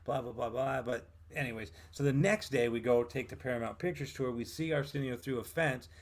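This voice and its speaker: A man's voice: mid-range voice, brisk. A man, a guest telling a story and acting out what people said. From Vermont, USA. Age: 50s. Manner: animated, acts out what others said. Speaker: guest actor and writer. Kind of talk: storytelling in a casual interview.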